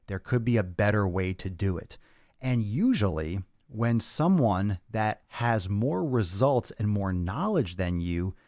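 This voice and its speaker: A man hosts a fitness podcast in a loose, exasperated rant, swearing freely and acting out the back-and-forth he describes. His voice sits fairly low, and the recording is dry and close with no room sound. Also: a little mellow, no room sound. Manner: exasperated, swears a lot, acts out quoted exchanges. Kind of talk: casual ranting monologue.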